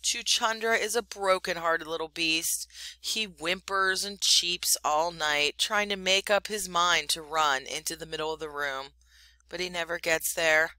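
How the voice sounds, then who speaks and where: A woman teacher reading a story aloud to her class in an expressive, animated storytelling manner. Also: fairly low pitch, a little slow, dry recording, poor audio.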